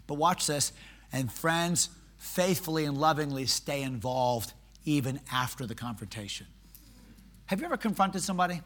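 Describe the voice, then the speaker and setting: High-voiced, animated male preacher. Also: moderate pace. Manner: animated, swings from quiet asides to loud exhortation; humorous, conversational. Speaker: pastor. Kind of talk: sermon.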